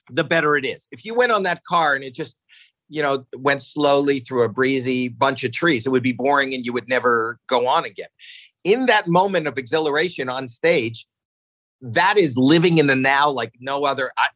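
A man in his sixties telling stories casually on a podcast, animated, jumping into acted-out quotes, swearing freely, often restarting his sentences. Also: normal speed, no room sound, low-quality recording. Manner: animated, acts out quotes with jumps in pitch. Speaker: podcast guest. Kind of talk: casual storytelling chat.

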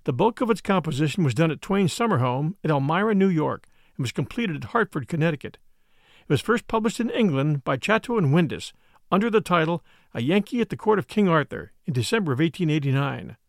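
A man reading a story aloud as an audiobook narrator, with expressive, shifting emphasis. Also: a little high, fairly quick, creaky, no echo, studio quality.

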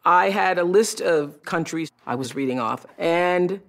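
A middle-aged woman recounts her career with lively, expressive storytelling. A gravelly fry edges her voice. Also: sits low, normal speed, hardly any pauses. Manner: animated, expressive, acts out remembered voices. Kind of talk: personal storytelling talk.

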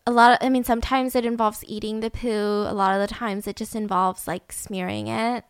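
A woman's voice: medium pitch, flat delivery, brisk, smooth, no echo, clean studio sound. A woman hosting a casual true-crime podcast, chatty and giggly, acting out quotes as she tells the story. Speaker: podcast host.

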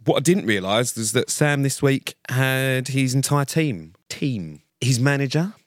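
A man's voice: mid-range voice, lively intonation, a little slow, no echo. Blunt, sweary British man, dry sound. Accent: British English. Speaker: podcast co-host. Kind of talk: casual banter.

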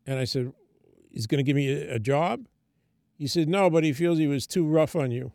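A man's voice: on the high side, normal speed, dry recording, studio quality. An older man, a comedian, telling a story in casual talk and acting out the quoted voices. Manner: animated anecdote telling, acts out quoted voices. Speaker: comedian guest.

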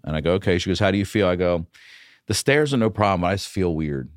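A man, a comedian guest on a podcast, telling a story in a casual, profane, animated way. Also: low-pitched, fast talker, no room sound, clean studio sound.

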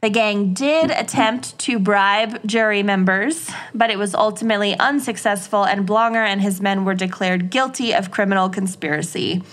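A woman's voice: mid-range voice, moderate pace, hardly any pauses, a bit bright. A woman co-hosting a podcast, narrating a true-crime case from her notes with casual, chatty asides.

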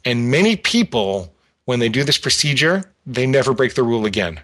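A man guest calmly explaining an exercise step by step, sometimes acting out a tempting inner voice. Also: medium pitch, a little fast. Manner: calm, explanatory, acts out an inner voice. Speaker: guest expert. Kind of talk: instructional talk.

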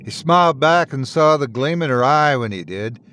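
A man narrating a dark fairy tale in an expressive, dramatic storytelling manner. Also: mid-range voice, moderate pace. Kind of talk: scripted horror story narration.

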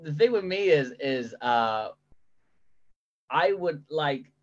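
A man guesting as a comedian who tells his stories in a halting way and laughs through them. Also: fairly high pitch, animated. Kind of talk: casual chat. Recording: muffled lo-fi audio.

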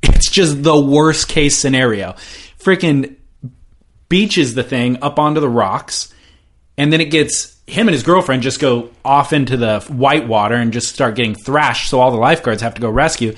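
A man's voice: mid-range voice, moderate pace. A man co-hosting a surf podcast, recapping events and teasing his partner in casual banter. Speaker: podcast co-host. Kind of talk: casual chat.

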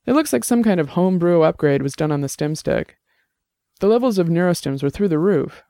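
Man doing a young detective, earnest, plain-spoken, smooth voice. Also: a little high, expressive, a little fast, dark tone, no room sound, clean studio sound.

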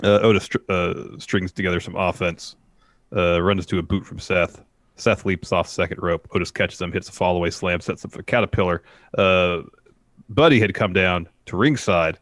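Very low voiced guy doing a chatty wrestling recap, dry close mic, lots of uhs. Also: steady tone, moderate pace, fairly bright tone, no echo. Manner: play-by-play retelling with fillers. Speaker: podcast co-host recapping wrestling. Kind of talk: casual recap chat.

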